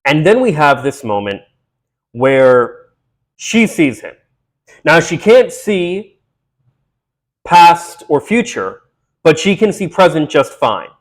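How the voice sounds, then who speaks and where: A man's voice: a little high, very animated. A man casually recapping a film, rambling with fillers and restarts, and briefly acting out the characters' lines. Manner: acts out characters' lines in quick voices. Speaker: movie recap host.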